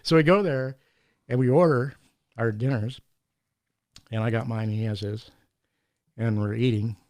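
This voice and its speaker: A man telling anecdotes in a casual podcast chat, animated and laughing often, acting out the people in his stories. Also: mid-range voice, normal speed, no room sound. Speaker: podcast guest. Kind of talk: casual storytelling.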